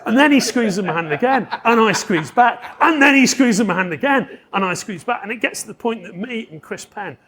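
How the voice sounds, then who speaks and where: Animated man telling a story. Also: high voice, fairly quick, hardly any pauses, crowd noise. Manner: animated storyteller, laughs often and swears. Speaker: podcast guest telling stories. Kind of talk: casual chat.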